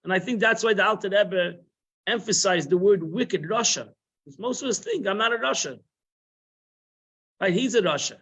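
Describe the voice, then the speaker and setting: A man's voice: high voice, brisk, fairly bright tone, slightly rough. A man giving an informal Torah lesson, conversational and repetitive, sprinkling in Hebrew and Yiddish terms. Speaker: Torah class teacher. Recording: muffled live-stream audio.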